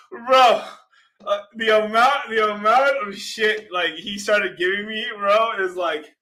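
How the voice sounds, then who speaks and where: Bright-voiced, swearing man telling a story. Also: high voice, slow pace, slight background noise. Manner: profane, animated, laughing storyteller. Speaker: crypto channel host. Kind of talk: casual storytelling vlog.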